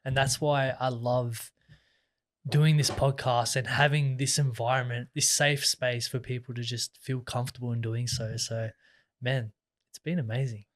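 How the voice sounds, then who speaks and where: Podcast host, mid pitch, appreciative, asks open questions. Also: male voice, flat delivery, normal speed. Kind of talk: casual interview chat.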